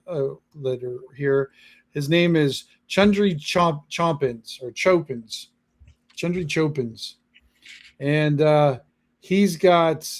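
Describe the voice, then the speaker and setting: A man narrating as game master in a halting, casual way, full of fillers. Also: a little high. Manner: halting, lots of fillers and restarts.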